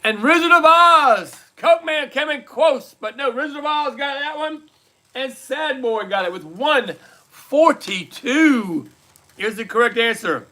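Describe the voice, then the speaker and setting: A man hosting a live online trivia night, reading out scores and repeating each question slowly, in casual chat. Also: very high voice, a bit bright. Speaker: livestream trivia host.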